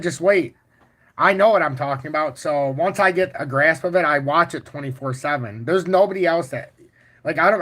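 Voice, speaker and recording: Male livestream host, slightly high voice, brash and boastful, casual and profane. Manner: boastful and confident; profane, animated storytelling. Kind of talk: casual livestream chart talk, answering chat.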